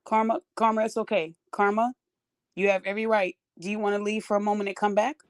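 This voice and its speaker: A woman's voice: mid-range voice, level tone, fast. A woman hosting a live-streamed podcast, who is soothing toward her guest and blunt and lecturing toward the chat. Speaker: podcast host.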